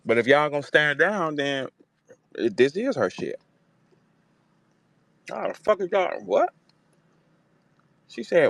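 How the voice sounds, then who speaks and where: Man, casual host chat, profane, animated, dry close sound. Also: a little high, slow pace, creaky, long pauses, no room sound. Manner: profane, animated, slips into mocking voices when quoting. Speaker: host of a battle rap talk space. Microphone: online audio room.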